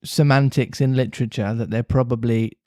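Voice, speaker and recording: A man's voice: medium pitch, steady tone, brisk, warm tone, no echo, clean studio sound. A man hosting a podcast, reading a children's book aloud and chatting in a self-mocking way. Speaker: podcast host, reader. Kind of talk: storybook reading and casual chat.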